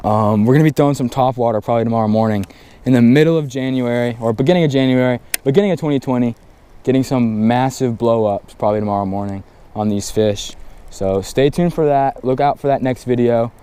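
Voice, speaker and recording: A man, talking casually while fishing a windy pond bank, getting excited and repeating himself when a fish bites. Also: mid-range voice, brisk, clear, resonant tone. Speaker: fishing vlogger. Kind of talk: casual outdoor vlog commentary. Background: faint wind and outdoor ambience.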